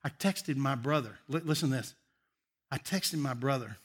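An older man preaching a sermon, an animated, emotional storyteller who often laughs. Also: mid-range voice, normal speed, breathy edge. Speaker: pastor.

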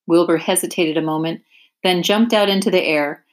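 Low-voiced woman reading a storybook aloud. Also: normal speed. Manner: clear, expressive narration.

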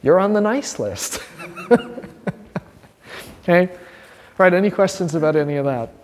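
A man teaching an informal Bible class as a pastor, earnest and animated, acting out quotes and restarting his sentences. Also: high-pitched, a little slow, in a large hall, slight background noise.

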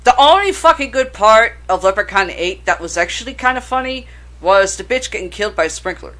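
A woman's voice: mid-range voice, expressive, brisk, fairly bright tone. A woman co-hosting a casual chat about horror films, rambling and swearing freely. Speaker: podcast co-host.

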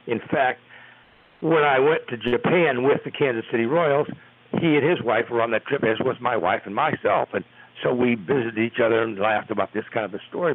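A man's voice: medium pitch, slightly rough. Older man telling stories over a phone line. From United States. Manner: rambling, animated retelling with restarts. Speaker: retired baseball umpire, interview guest. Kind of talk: storytelling in an interview. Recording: tinny phone-line audio.

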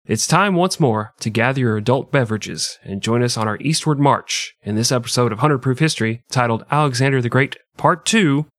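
A man's voice: medium pitch, brisk, hardly any pauses, a bit bright. A man co-hosting a casual comedic podcast, joking around and slipping into mock voices. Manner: jokey, slips into mock voices. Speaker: podcast co-host.

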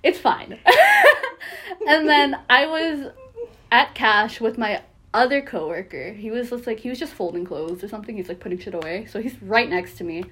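Young woman, podcast co-host, casual chat, slightly high voice, animated, swears a lot. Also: moderate pace. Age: young adult. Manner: animated storytelling, swears a lot, laughs often.

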